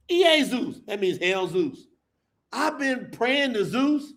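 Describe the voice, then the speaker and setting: A man preaching with fire to a live audience, emphatic and colloquial, calling out to the crowd as y'all and bursting into shouts. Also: very high-pitched, big pitch swings, takes it slowly, gravelly. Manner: colloquial, addresses listeners as y'all. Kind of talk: fiery sermon to a live audience.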